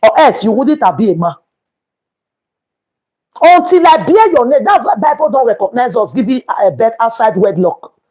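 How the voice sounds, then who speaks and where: A woman's voice: a little high, big pitch swings, moderate pace, pauses often, darkish tone, husky. A woman with a Nigerian accent hosting a live stream, talking emphatically and quoting scripture as she repeats her points. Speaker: livestream host. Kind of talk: preachy live-stream talk.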